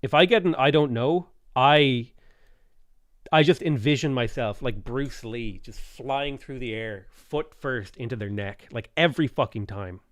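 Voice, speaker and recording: A man's voice: medium pitch, unhurried, dry recording. Blunt rambling Irish man, dry close sound. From Ireland. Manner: rambling, blunt, profane, acts out little dialogues. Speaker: streamer. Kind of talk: casual live-stream chat.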